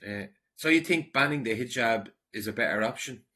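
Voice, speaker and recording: A man's voice: medium pitch, lively intonation, brisk, pushed and bright. An Irish man reading out comments in a casual vlog, rambling, combative and mocking. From Ireland. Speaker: online commentator.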